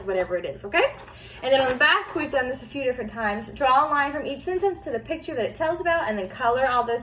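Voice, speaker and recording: High-voiced encouraging teacher woman. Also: a bit bright. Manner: encouraging, patient, sounds out words slowly. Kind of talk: remote phonics lesson for young children.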